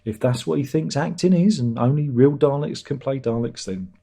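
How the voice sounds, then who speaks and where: A man's voice: medium pitch, moderate pace, vocal fry, mellow. A man hosting a casual livestream chat, rambling and self-deprecating. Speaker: livestream host.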